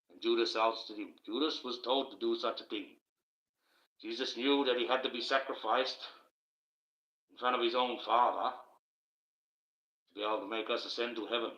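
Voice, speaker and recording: A man's voice: on the low side, fairly even intonation, moderate pace, gravelly, long pauses, pushed and bright. A man hosting a live stream from home at night, giving a rambling, emphatic monologue and thanking viewers in his chat. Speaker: livestream host. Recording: roomy, dull lo-fi stream audio.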